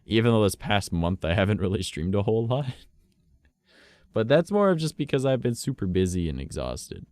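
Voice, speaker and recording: A man's voice: on the low side, big pitch swings, brisk, a little mellow, dry recording. A man streaming live, chatting casually with viewers in a rambling way, swearing and laughing often.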